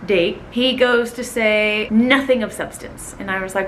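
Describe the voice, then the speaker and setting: A woman vlogger telling a personal story in an animated, dramatic way, acting out what people said. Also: mid-range voice, unhurried, slight background noise. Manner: animated, dramatic, acts out quotes. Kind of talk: storytelling vlog.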